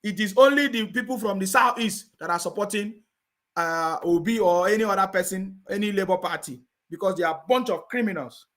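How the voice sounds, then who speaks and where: Guy ranting hard, high voice, sharp and forceful, keeps repeating himself. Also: a little fast. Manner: combative, repeats phrases, asks "you understand me?". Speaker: political commentator. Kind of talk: heated live-stream rant.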